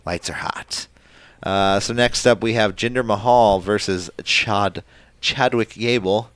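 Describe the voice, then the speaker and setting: A man's voice: on the low side, fairly even intonation, unhurried, a bit bright, no echo. A man co-hosting a casual wrestling podcast, leading the rundown in a rambling way with lots of fillers. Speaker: podcast co-host. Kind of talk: casual wrestling recap chat.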